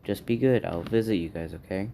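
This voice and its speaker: A man voicing a kind, weary teenage orphan boy with wolf powers, speaking in a subdued, flat way. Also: sits low, brisk, gravelly, slight background noise.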